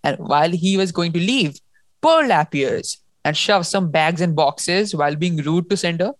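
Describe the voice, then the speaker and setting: Book-podcast co-host, woman, low voice, emotional and rambling, dry sound. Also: lively intonation, normal speed, no room sound. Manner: emotional, restarts and gushes about the story. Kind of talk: casual book discussion.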